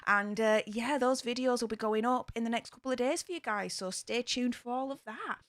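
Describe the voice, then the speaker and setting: A woman's voice: on the high side, a little fast, fairly bright tone, no echo. A woman hosting a casual livestream from her home studio, chatty and upbeat, with plenty of fillers. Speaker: livestream host. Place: home studio room in a new house.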